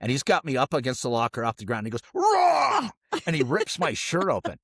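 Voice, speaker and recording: A man's voice: medium pitch, expressive, racing, a bit bright, slightly rough, no room sound. Middle-aged male co-host, acts out every voice in his story, dry studio read. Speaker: podcast co-host. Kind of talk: casual storytelling.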